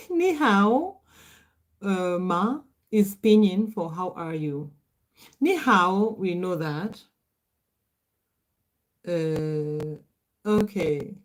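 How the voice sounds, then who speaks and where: A woman's voice: mid-range voice, animated, extremely slow, long pauses. A middle-aged Kenyan woman whose first language is Swahili, hosting a casual livestream, chatting, laughing often and answering viewer comments aloud. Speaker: livestream host.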